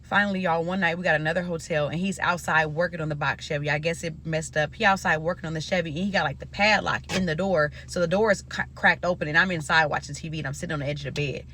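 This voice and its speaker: A woman's voice: deep voice, steady tone, quick pace, few pauses, a bit bright, slight background noise. A woman from Nebraska telling a story in a loose, profane, casual style and talking straight to her viewers. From Omaha, Nebraska.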